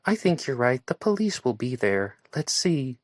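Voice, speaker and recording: An anxious young woman who chirps her questions, as a man reads her in an audiobook. He lifts his voice high, well above his own low register, and gives it a lighter, different tone. It is recorded close and dry. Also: sing-song, moderate pace, no room sound. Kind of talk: audiobook character reading.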